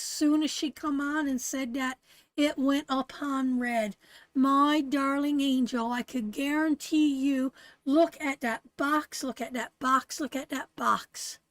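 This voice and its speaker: A woman's voice: high voice, steady tone, unhurried, fairly bright tone, no echo, poor audio. A woman with a Canadian accent reading tarot on a live stream, affectionate and emphatic, calling viewers darling and sweetheart and repeating her phrases. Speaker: tarot reader.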